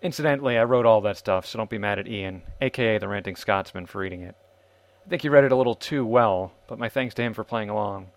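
A man's voice: fairly low pitch, fast, dry recording. A man hosting a podcast, reading scripted narration in a wry, self-deprecating way. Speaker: podcast host.

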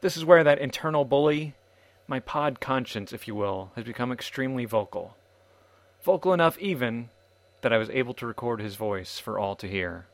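A man's voice: mid-range voice, expressive, brisk, no room sound. A man hosting a podcast, reading scripted narration in a wry, self-deprecating way. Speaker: podcast host.

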